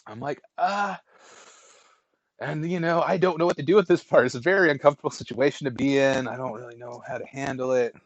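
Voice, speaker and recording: A man's voice: mid-range voice, fast, few pauses, dry recording, lo-fi sound. Rambling male podcast storyteller. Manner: rambling, many restarts and fillers, animated retellings. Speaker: podcast co-host. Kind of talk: casual storytelling.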